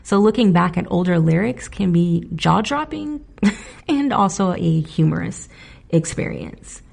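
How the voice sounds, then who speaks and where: A woman hosting a music podcast alone, talking in a casual, animated way, laughing often and getting indignant. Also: fairly low pitch, creaky. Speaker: podcast host. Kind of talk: casual solo podcast commentary.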